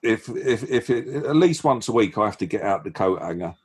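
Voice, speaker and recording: A man's voice: lowish voice, lively intonation, brisk, husky. An English man co-hosting a podcast who talks in a jokey way, often stammering and restarting. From England. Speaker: podcast co-host. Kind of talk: casual chat.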